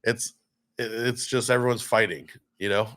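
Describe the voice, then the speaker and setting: A man's voice: mid-range voice, fairly even intonation, moderate pace, fairly bright tone. A man co-hosting a podcast, a DJ telling rambling gig stories in casual chat, swearing and acting out the people he quotes. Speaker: podcast co-host, DJ.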